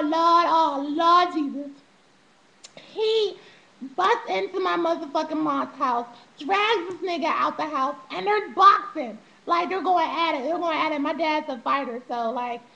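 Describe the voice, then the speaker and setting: A young woman speaks straight to camera, recounting her own past in a loose, profane vlog style. Her voice sits very high and sounds bright and sharp. She laughs often and slips into animated impressions of the people in her story. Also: rough recording. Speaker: vlogger telling her life story.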